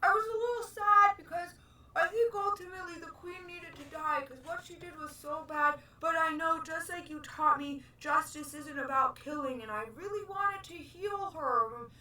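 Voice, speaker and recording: A tiny, earnest rat talks in a very high, bright voice, as a woman voices him in a tabletop game. He sounds sweet and close to tears. It is recorded in an echoey room, away from the mic. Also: moderate pace, far from the mic. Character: tiny earnest male rat, gentle and eager.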